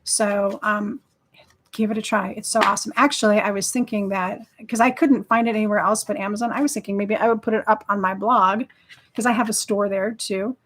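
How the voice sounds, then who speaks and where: A woman's voice: mid-range voice, steady tone, brisk, a bit bright, a little hiss or hum. A woman hosting a live craft stream, chatting casually and enthusiastically as she demonstrates, rambling with many fillers. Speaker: craft livestream host.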